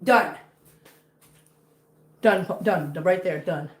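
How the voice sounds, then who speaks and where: A woman's voice: lowish voice, extremely slow, roomy sound, background noise. A woman chatting casually on a home livestream, talkative and emotional, fretting openly. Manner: chatty and emotional, anxious about her cat. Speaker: cat-owning live streamer. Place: home with many cats.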